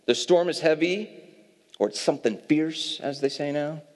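A pastor giving a sermon, reading scripture aloud and explaining it with casual asides. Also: male voice, fairly high pitch, moderate pace, darkish tone. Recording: long reverb of a hall.

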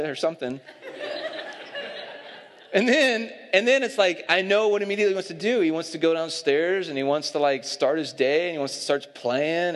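A young adult man preaching a sermon, telling a lively family story and laughing at it. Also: a little high. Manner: storytelling, animated, laughing at his own stories. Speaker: pastor. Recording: long hall reverb.

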